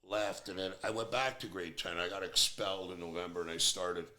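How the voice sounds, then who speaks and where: A man's voice: low-pitched, fairly even intonation, fairly quick, pushed and bright. A man in his fifties hosting a podcast, talking bluntly and airing strong opinions in a casual chat. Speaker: podcast host. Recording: roomy echo.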